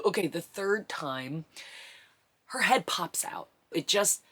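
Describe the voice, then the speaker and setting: A young woman vlogger telling a story to her camera, breathless and excited, acting out the quotes she recalls. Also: lowish voice, unhurried.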